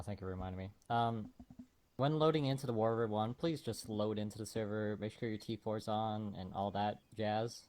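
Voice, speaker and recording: Relaxed low-voiced intel officer man. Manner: casual, relaxed radio lingo. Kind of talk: briefing over game voice chat.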